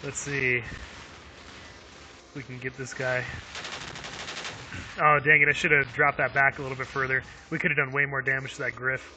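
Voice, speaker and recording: A man's voice: medium pitch, little pitch movement, normal speed, long pauses, sharp tone, slight background noise. A man streaming a video game live, chatting upbeat with viewers, laughing often and using lots of fillers. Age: adult with young kids. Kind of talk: live gameplay commentary.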